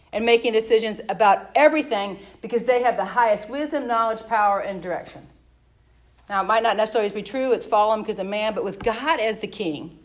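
A woman's voice: high voice, a bit bright, low-quality recording. A woman leading a Bible study class in a conversational way, spelling words out and restarting her sentences. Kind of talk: casual teaching talk.

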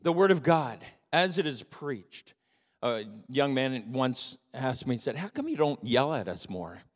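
An older man preaching a sermon as pastor, telling stories with animated emphasis. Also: medium pitch, a little slow. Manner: animated storytelling, rising to emphatic peaks. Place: church sanctuary. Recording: long reverb of a church hall.

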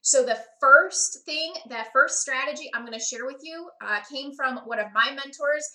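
Bright high-voiced woman podcast host. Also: moderate pace, reverberant. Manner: lively, checks in with listeners often. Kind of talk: podcast teaching talk.

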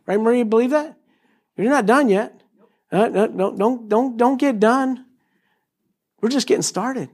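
A middle-aged man preaching a sermon to a congregation, animated and joking, acting out quotes in high voices. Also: a little slow, long pauses, slightly rough. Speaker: pastor.

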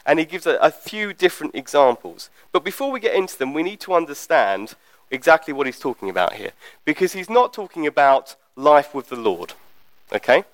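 A man's voice: a little high, sing-song, brisk, dry recording, poor audio. A man preaching a teaching sermon in a conversational, explanatory way, often checking in with the listeners.

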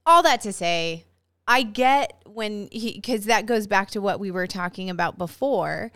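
A woman's voice: medium pitch, expressive, unhurried, a bit bright, no echo, studio quality. A woman co-hosting a podcast, chatting casually, teasing and laughing often. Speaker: podcast co-host. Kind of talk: casual chat.

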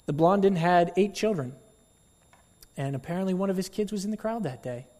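A man pastor giving a sermon, telling a story with animated delivery and acting out crowd voices. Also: high voice, a little fast, in a large hall. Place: church.

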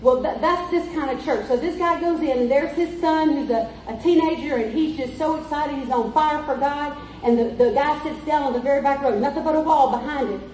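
A high-voiced woman preaches a storytelling sermon with emphasis, captured from afar in a reverberant church with faint noise. She speaks a little fast with few pauses, and her tone is slightly mellow.

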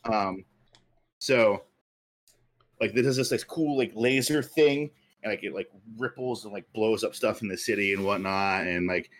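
A man's voice: fairly low pitch, moderate pace. A man co-hosting a podcast, telling a story at length in casual chat with many fillers. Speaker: podcast co-host.

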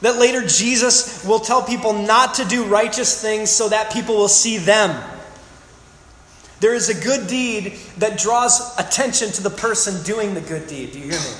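A man's voice: high-pitched, normal speed, a bit bright. A man preaching a sermon, emphatic, repeating phrases and asking the congregation questions. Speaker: pastor. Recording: very echoey hall, faint room noise.

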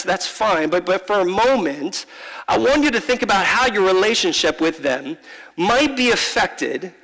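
A man preaching a sermon to a congregation, animated and acting out little scenes in different voices. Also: sits high, long reverb tail, rough recording. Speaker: pastor. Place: large room with a congregation.

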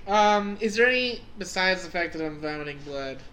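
A man chatting casually among friends, his voice bright and forward, rising and falling a great deal as he talks. He laughs easily and slips into playful silly voices. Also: sits high, lively intonation, brisk, slight background noise, rough recording. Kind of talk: casual group chat.

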